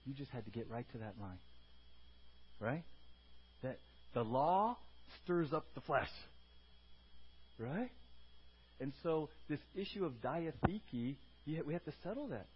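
A man preaching a sermon as a pastor. He moves between loud, emphatic teaching and soft, quiet asides, and he calls out to the congregation for responses. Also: on the high side, lively intonation, measured pace, long pauses, lo-fi sound, a little hiss or hum.

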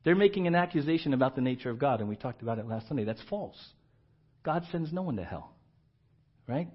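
A male pastor preaching a sermon, moving between loud emphatic repeats and hushed asides. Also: medium pitch, lively intonation, a little fast, slightly rough. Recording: dull lo-fi church recording.

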